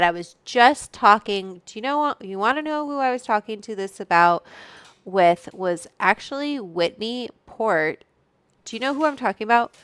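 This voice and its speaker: A woman with a high-leaning, slightly bright, smooth voice runs a relaxed livestream from her home room. She talks in a rambling way, calls out viewer names and curses freely into a studio mic, and there's no echo.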